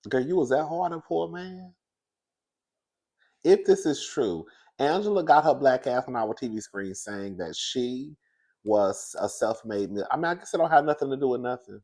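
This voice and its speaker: Sassy, animated gossiping man. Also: moderate pace. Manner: animated, swoops from high squeals to hushed whispers; laughs often, sassy slang. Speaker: commentary host. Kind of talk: gossipy celebrity commentary.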